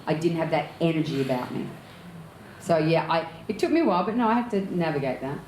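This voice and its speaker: An Australian actress tells her stories with lively energy and frequent laughter. Her voice sits a little low. It carries through a reverberant room with a faint hum of background noise. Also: fast talker. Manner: lively, laughs often while telling anecdotes. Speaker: actor and director, interview guest. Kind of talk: candid storytelling in an onstage conversation.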